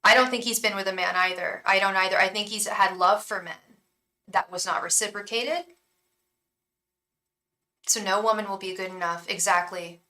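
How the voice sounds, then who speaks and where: Woman tarot reader on a live stream, frank and chatty, bright voice, sitting back from the mic. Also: mid-range voice, steady tone, normal speed, pauses often, distant mic, low-quality recording. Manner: frank, chatty, swears casually.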